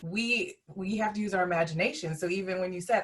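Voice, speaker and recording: A woman with a fairly low voice, speaking heartfelt and reflective on a discussion panel. She often checks in with her listeners as she talks. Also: fairly even intonation, fast talker, hardly any pauses. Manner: heartfelt, reflective, with many "you know what I mean"s.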